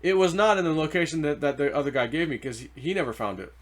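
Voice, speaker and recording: Rambling male vlogger with a slightly high voice, chatty storyteller, loose and unscripted. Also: animated, fast. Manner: rambling, loose, full of "like" and "you know". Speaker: treasure-hunting video host. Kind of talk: casual storytelling monologue.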